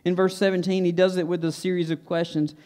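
Earnest higher-voiced male preacher. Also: flat delivery, fast, mellow. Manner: earnest preaching, repeats phrases for emphasis. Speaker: pastor. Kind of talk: sermon. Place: church sanctuary.

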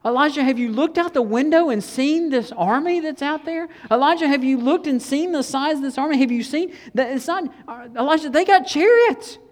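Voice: sits high, big-room sound, pitched above the performer's own voice, close to an everyday voice. A preacher acting out a panicked servant. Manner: frantic rapid questioning. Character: panicked young male servant, frantic.

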